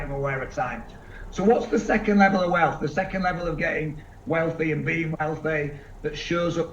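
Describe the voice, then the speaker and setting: A man giving an energetic seminar talk to a live audience, asking them questions and acting out quick voices. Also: on the high side. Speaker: seminar speaker. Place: large event room with live audience. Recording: echoey room, distant mic, dull sound, faint background noise.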